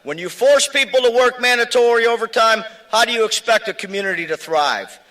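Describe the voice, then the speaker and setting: A man speaking for his union at an outdoor rally, shouting emphatic lists of demands. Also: extremely high pitch, lively intonation, brisk, poor audio.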